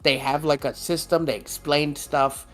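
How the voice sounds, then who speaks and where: A man's voice: on the high side, little pitch movement, measured pace, a bit bright, faint music behind. A man co-hosting a podcast in casual chat, rambling, laughing often and swearing casually. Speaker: podcast co-host.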